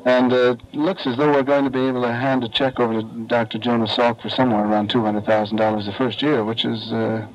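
A man answering in a radio interview, friendly and hesitant with many pauses. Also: medium pitch, level tone. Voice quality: warm, hesitant with many fillers. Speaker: interview guest. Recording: dull old radio with faint noise.

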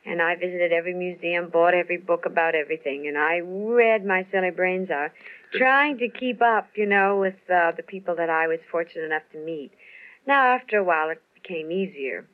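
A woman's voice: on the low side, brisk. A woman entertainer chatting in a radio interview, rambling, laughing and using lots of fillers. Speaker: entertainer guest. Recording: tinny old radio broadcast.

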